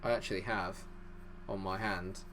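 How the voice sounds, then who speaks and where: A man giving fast, excitable live commentary over a football management game, chatty and self-deprecating. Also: sits low. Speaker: gaming YouTuber.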